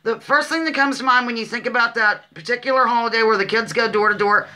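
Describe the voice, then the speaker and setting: A woman's voice: fairly high pitch, quick pace. A woman hosting a casual livestream word-guessing game, chatty and often breaking into giggles as she reads out clues and greets viewers. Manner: giggly, chatty, addresses viewers as ladies and gentlemen. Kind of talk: casual live-stream chat.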